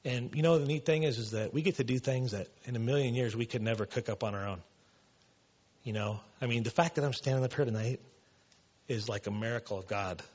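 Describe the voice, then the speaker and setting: Husky-voiced man giving a casual sermon. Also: mid-range voice, fairly quick, darkish tone, highs cut off. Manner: casual, with many fillers like "you know" and "man". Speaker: pastor. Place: church.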